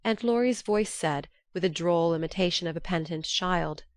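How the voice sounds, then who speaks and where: Low-voiced woman narrating a classic story. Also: normal speed, no echo. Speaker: audiobook narrator. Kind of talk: scripted narration.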